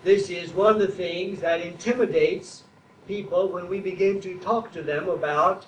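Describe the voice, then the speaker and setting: A man delivers a sermon in a high, unhurried voice, weighing each phrase and building to emphatic repetitions. He is picked up from some distance in an echoey church with faint ambient noise behind him. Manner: slow, deliberate preaching that builds to emphatic repetition. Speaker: traditionalist Catholic preacher.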